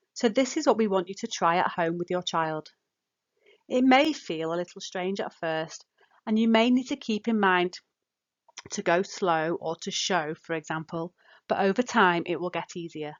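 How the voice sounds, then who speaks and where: A woman calmly narrating practical guidance for parents as a speech and language therapist, in a measured, instructive way. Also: on the low side. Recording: dull, muffled voice-over.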